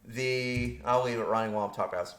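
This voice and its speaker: A man's voice: medium pitch, steady tone, fast talker, fairly bright tone. Casual male game commentator, rambling and self-deprecating, roomy echo. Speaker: game channel host. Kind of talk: gameplay commentary. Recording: roomy echo with faint music.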